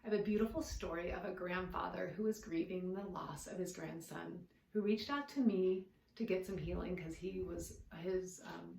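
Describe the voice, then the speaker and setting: Woman healer, earnest storyteller, gravelly low edge, echoey room. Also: a little hiss or hum. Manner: soft-spoken, earnest, quotes others in her own voice. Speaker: healer and fascial stretch therapist. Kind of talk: personal storytelling.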